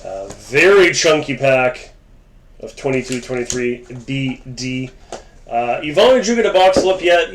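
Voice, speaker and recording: A man's voice: medium pitch, background noise. Chatty male card-break host, roomy echo. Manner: chatty, talks directly to viewers by name. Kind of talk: casual live commentary while opening card packs. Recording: roomy echoing room.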